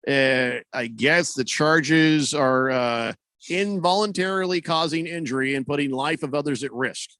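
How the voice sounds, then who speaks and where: A man's voice: on the high side, a little slow, pushed and bright, dry recording. A man hosting a sports radio show in casual, rambling talk, joking around with plenty of fillers on a studio microphone.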